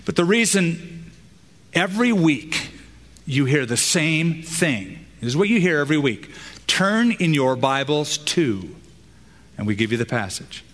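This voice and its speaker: A pastor preaching a sermon with emphatic, dramatic pauses. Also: male voice, on the high side, very animated, fairly bright tone. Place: church auditorium. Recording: long hall reverb.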